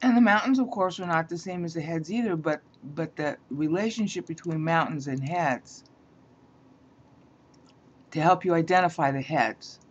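A woman's voice: low voice, moderate pace, slightly rough. A woman teaching a Bible lesson, explaining grammar point by point and often checking in with "all right?". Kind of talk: slow explanatory lecture. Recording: dull lo-fi sound.

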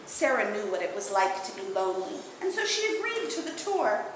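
Expressive woman storyteller in an echoey hall. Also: a little high, a little fast, few pauses, a little hiss or hum. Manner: expressive, lilting. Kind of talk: oral storytelling at a bardic gathering. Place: indoor event hall, live audience.

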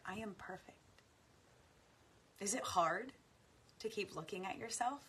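A woman guiding a tapping meditation, speaking affirmations slowly and softly with deep sighs between them. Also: lively intonation, slight background noise. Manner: slow, soft and soothing, with frequent deep sighs. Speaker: guided tapping practice leader.

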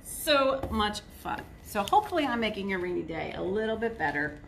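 Gentle woman leading a children's storytime. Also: medium pitch, big pitch swings, fairly quick, gravelly, a little hiss or hum. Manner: warm, gentle, addressing children. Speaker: children's librarian. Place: indoors at a table. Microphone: phone camera.

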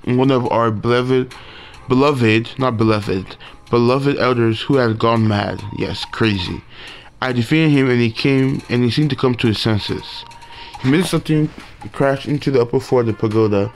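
A man reading aloud the lines of a calm older male monk from a video game, stumbling and rereading words as he goes. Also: mid-range voice, moderate pace, slight background noise, natural voice. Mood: recounting.

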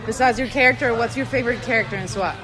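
A woman's voice: a little high, quick pace. A woman interviewing a guest at a party in a teasing, insistent way. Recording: noisy party with music and crowd.

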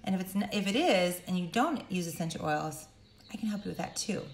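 Animated woman talking in an echoey room. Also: a little fast, slight background noise. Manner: animated, emphatic, acts out quotes with big pitch jumps. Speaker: speaker and coach. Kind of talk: direct-to-camera talk.

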